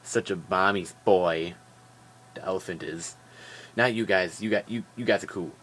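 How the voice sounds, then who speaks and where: A man's voice: deep voice, normal speed. Tired, jokey guy vlogging. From Wisconsin. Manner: animated, jokey, rambling, with fillers. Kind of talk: casual daily vlog chat.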